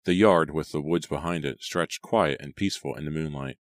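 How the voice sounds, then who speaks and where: A man reading a horror story aloud as an audiobook narrator, in a measured storytelling manner. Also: very deep voice, dry recording. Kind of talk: scripted narration.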